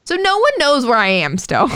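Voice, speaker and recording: A woman's voice: on the high side, normal speed, clear, resonant tone. A woman co-hosting a podcast, telling a story in casual chat with lots of swearing. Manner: animated, profane storytelling. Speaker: podcast co-host.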